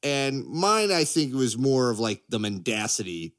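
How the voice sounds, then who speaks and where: A man co-hosting a casual podcast chat, excitable and prone to rants, laughing often. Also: medium pitch, unhurried. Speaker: podcast co-host.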